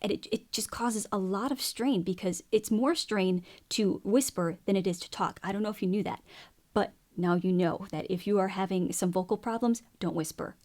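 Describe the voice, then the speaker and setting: A woman vocal coach teaching a singing lesson, explaining vocal technique in a clear, instructive way. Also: medium pitch, darkish tone. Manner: explains clearly, then demonstrates sung syllables and counts beats.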